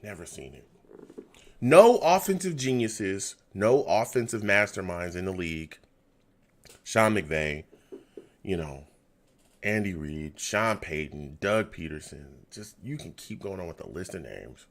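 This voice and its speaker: Hosting a live fan reaction show, a man talks casually but sounds exasperated, sighing, muttering, repeating himself and dropping to a near whisper. His voice is low and expressive, at a measured pace.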